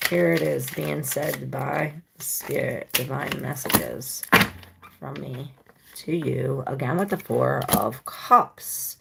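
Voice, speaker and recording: A woman's voice: fairly low pitch, gravelly, background noise. A woman giving a casual tarot reading, talking to her viewers in a loose, rambling, informal way. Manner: chatty, talks to viewers directly. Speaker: tarot reader.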